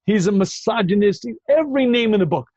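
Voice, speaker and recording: A man with a high-set voice hosts a call-in Q&A as a rabbi. He talks emphatically and keeps cutting in with repeated phrases. The audio is dry and dull. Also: lively intonation, fast talker, darkish tone, no echo. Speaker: rabbi answering callers. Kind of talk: call-in Q&A talk.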